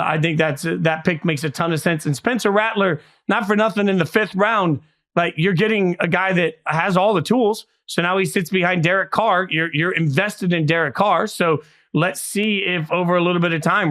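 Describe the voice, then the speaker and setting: A man's voice: high-pitched, a little fast, fairly bright tone. A man co-hosting a casual sports podcast, giving blunt, emphatic opinions and asking himself rhetorical questions. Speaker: podcast co-host.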